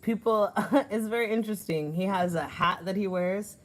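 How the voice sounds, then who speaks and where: A woman's voice: mid-range voice, normal speed. A woman co-hosting a casual livestream outdoors at home, chatting, laughing often and reading out viewer comments. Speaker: livestream co-host.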